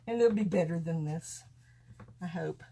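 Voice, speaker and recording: A woman's voice: on the low side, moderate pace, vocal fry, warm tone, a little hiss or hum. A woman chatting folksily to viewers as she demonstrates card making live from her craft table. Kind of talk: live-stream craft demo.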